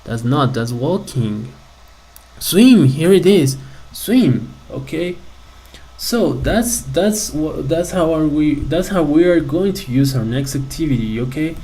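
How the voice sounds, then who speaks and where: A male English teacher talks a class through a grammar lesson at an unhurried, deliberate pace. His voice is mellow and soft-edged, and he keeps pausing to check that the students are following. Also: a little high, expressive, poor audio. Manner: slow, patient explaining with frequent check-ins. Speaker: ESL teacher.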